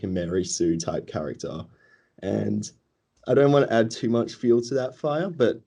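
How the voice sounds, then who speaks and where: Male podcast co-host, wry critique, mellow dark tone, lively pitch. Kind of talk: casual book-club chat.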